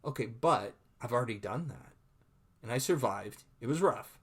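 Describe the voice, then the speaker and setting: A male lecturer talks through a recorded online lesson in a loose, conversational way. He often stumbles over and repeats words, and voices his own inner thoughts as he goes. His voice sits at an ordinary middle pitch. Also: animated, normal speed, breathy edge.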